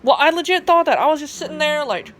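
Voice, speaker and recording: A woman's voice: high voice, animated, fast. Young Southern woman telling a rambling story. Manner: rambling, profane, lots of "like" fillers and restarts. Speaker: vlogger. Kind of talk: casual storytelling. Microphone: phone camera.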